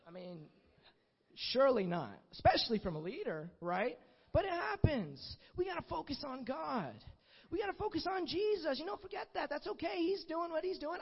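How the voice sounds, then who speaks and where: A man's voice: extremely high pitch, slightly rough. A young man giving an earnest, conversational sermon, telling a personal story with many "you know" asides. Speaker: preacher. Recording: dull, muffled sound with long hall reverb.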